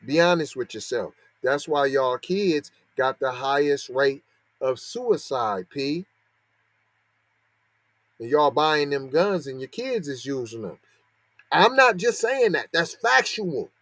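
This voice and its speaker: A man's voice: on the high side, expressive, slow, a bit bright, no echo. A man hosting a podcast, giving heated, sarcastic commentary with a string of rhetorical questions. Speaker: podcast host. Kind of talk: heated commentary on a news story.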